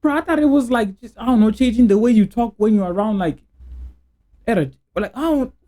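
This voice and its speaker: A man's voice: extremely high pitch, a little fast, mellow. A young man hosting a reaction video, talking in a rambling, slangy way and exclaiming often. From South Africa. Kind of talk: casual reaction commentary.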